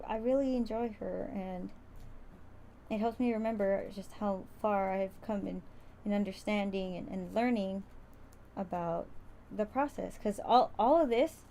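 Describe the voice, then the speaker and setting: A woman at a middle pitch talks her way through a casual sewing livestream. She is chatty and rambling, restarting sentences and stumbling over words. A faint noise runs under her voice. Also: warm tone. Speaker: crafter streaming a sewing demo.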